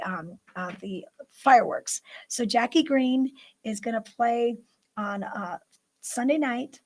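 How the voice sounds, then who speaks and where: A woman's voice: a little high, normal speed, rough recording. A woman hosting a live morning news show, chatting upbeat and running through local events with plenty of fillers. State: out of breath.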